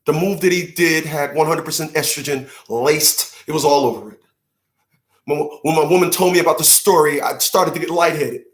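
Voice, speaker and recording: A man hosting an animated opinion monologue, emphatic, acting out little mock dialogues and laughing at his own jokes. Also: fairly high pitch, moderate pace, echoey room. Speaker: commentary show host. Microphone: livestream setup.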